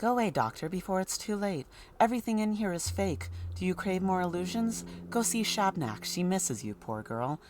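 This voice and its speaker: A man voicing a paranoid, agitated man who is locked in his house, reading his lines in a shrill, pleading way. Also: sing-song, normal speed, few pauses, a little hiss or hum.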